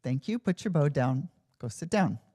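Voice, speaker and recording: A man's voice: a little high, animated, moderate pace, mellow, no room sound, clean studio sound. A woman telling of a stern old archery teacher. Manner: stern, questioning.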